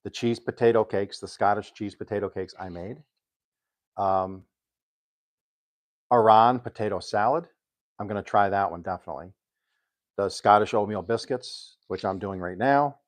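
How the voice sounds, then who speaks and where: Older male home cook, low-pitched, loose and chatty, lots of ums as he reads aloud. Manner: rambling and chatty, pausing with ums while reading aloud. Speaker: home cook hosting a live stream. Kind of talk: casual cooking live-stream chat.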